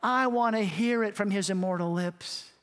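A man's voice: high voice, normal speed, a bit bright, smooth, in a large hall. A male pastor preaching a fervent sermon, with emphatic repetition and acted-out quotes.

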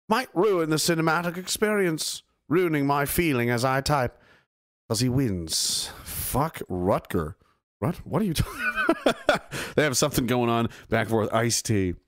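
A man hosting a livestream, reading chat messages aloud in casual, profane commentary that swings between loud bursts and low mumbles. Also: no room sound, studio quality.

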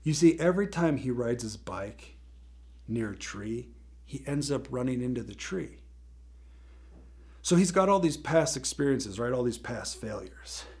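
Man, mid-range voice, casual motivational speaker, animated and laugh-prone storyteller. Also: medium pitch, a little slow. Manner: animated storyteller, laughs often, repeats words.

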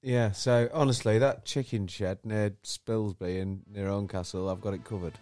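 A man's voice: fairly low pitch, fairly even intonation, moderate pace, a little mellow, faint music behind. A man, telling a rambling, self-mocking story in casual podcast chat. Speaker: podcast co-host.

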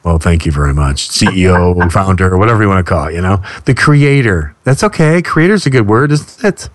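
A man's voice: sits low, animated, brisk. A man hosting a radio talk show, joking and playful with his co-host and guest. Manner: jokey, playful, laughs often. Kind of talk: casual radio interview.

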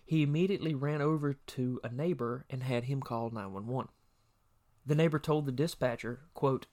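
A man's voice: medium pitch, moderate pace, a little mellow. A man co-hosting a true crime podcast, reading a prepared case summary with occasional personal asides. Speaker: podcast co-host.

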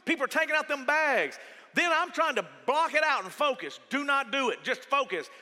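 A middle-aged man preaching a sermon as pastor, telling stories with lively energy and shouting at the peaks. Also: very high-pitched, fairly quick, in a large hall. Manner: animated storytelling, shouting at peaks.

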